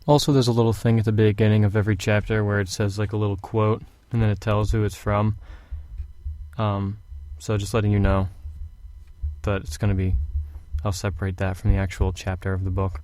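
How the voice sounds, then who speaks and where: A young man reads a fantasy novel aloud for a home audiobook, recorded in a hot room with no echo. His voice is lowish and brisk, and he chats casually and wanders a bit before moving into steady narration.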